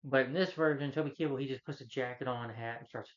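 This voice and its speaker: Quick-paced and mid-range, his voice carries a casual movie rant where he rambles through scenes and acts out what the characters say. It's a slightly dull, lo-fi recording.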